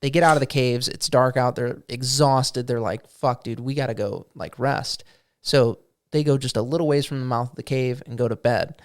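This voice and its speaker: A man co-hosting a podcast, casually telling a tabletop game story with plenty of swearing and quick acted-out character lines. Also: mid-range voice. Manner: animated storyteller, swearing freely, acts out goblin quotes. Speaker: podcast co-host. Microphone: studio microphone.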